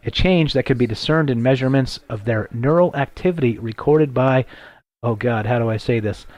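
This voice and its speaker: A man's voice: mid-range voice, fairly quick, darkish tone, no room sound. A man hosting a casual late-night radio talk show from a laptop while on the road, rambling and poking fun at his own stumbles. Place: traveling, broadcasting from a laptop.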